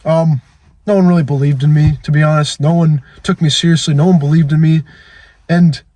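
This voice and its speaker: A man's voice: on the high side, steady tone, brisk, warm tone. A man in his twenties talking into his phone in a blunt, profane, emphatic confessional monologue. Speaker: fitness vlogger.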